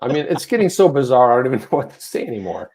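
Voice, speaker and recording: A man in mid pitch hosts an online news show. He banters in a loose, jokey way and often breaks into reading a story aloud, pausing to comment on it. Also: big pitch swings, darkish tone. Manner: jokey, talks over his partner, reads stories aloud. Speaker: co-host of a crypto news show.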